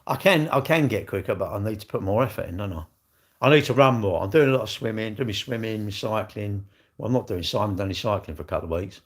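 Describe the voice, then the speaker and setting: A man's voice: on the low side, fast talker. An older man hosting a casual livestream, talking bluntly, arguing with commenters and swearing freely. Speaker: livestream host.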